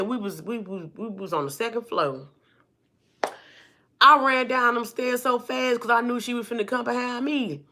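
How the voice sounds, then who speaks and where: A woman vlogger telling a personal story to her viewers in a lively, chatty way, calling them y'all and honey and acting out the people in it. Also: on the high side. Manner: acts out the people in her stories.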